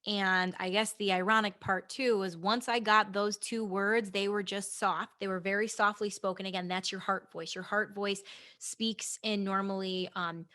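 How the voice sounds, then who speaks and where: A woman's voice: mid-range voice, bright, forceful tone. A young adult woman hosting a podcast, talking casually and frankly, swearing now and then and addressing her listeners directly. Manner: chatty, swearing, many restarts and asides to listeners. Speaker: podcast host. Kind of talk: casual chat about goals and meditation.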